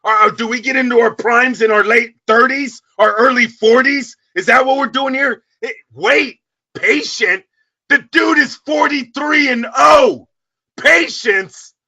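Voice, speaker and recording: A man co-hosting a boxing radio talk show, ranting loudly and swearing often in heated sports talk. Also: very high voice, measured pace, creaky, dull audio. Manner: loud, profane, ranting.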